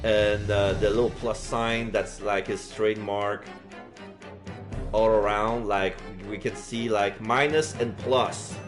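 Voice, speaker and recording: A man's voice: fairly low pitch, fairly even intonation, slow, over music. A man casually commenting on a game while streaming live, rambling with fillers. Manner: casual, lots of fillers and restarts.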